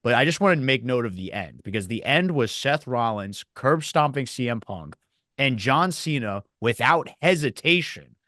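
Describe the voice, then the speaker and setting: A man co-hosting a casual wrestling review podcast, telling events in an animated way with acted quotes. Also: medium pitch, moderate pace, no room sound, studio quality. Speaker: podcast co-host.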